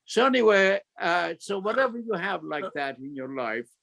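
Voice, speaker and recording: A man's voice: sits high, sing-song, normal speed, vocal fry, pushed and bright. An older man from Ireland with an Irish accent, telling rambling stories as an author at a talk, full of fillers and restarts. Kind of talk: anecdotal storytelling.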